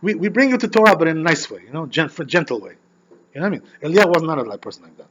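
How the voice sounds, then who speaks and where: A man who is a rabbi teaching an informal Torah class, animated and constantly checking in with "you know" and "right?". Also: on the high side, rapid-fire, slightly rough, dull audio.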